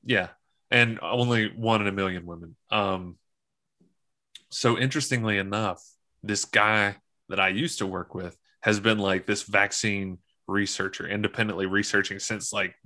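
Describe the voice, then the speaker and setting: Bright-voiced joking podcast co-host man. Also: on the low side, little pitch movement, moderate pace. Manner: joking, jumps into mock-serious quotes. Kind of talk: casual chat.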